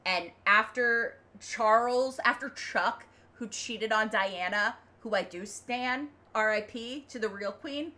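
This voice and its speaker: A young woman from the United States talks through a casual livestream. She rambles and sounds opinionated, full of fillers and quick laughs, and her voice sits at an ordinary middle pitch for a woman. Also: bright, forceful tone. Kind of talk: casual chat.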